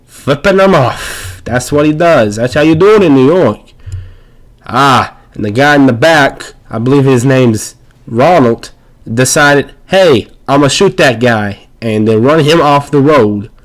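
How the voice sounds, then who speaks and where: A man gives a joking voice-over for gameplay footage in a mid-range voice. He rambles along sarcastically and plays up fake excitement. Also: mid-range voice, measured pace. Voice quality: sarcastic, rambling, mock-hyped. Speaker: video narrator.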